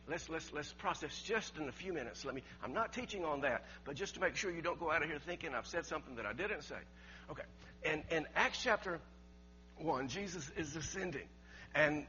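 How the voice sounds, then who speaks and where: A man preaching a sermon with emphasis, rising loud and dropping quiet in turns. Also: fairly high pitch. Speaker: pastor. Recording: dull lo-fi sermon recording with faint mains hum.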